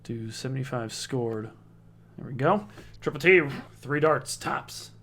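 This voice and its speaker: A man's voice: mid-range voice, measured pace, a bit bright, slight background noise. A man giving casual play-by-play commentary on a darts league, chatty, reading out scores and viewer comments.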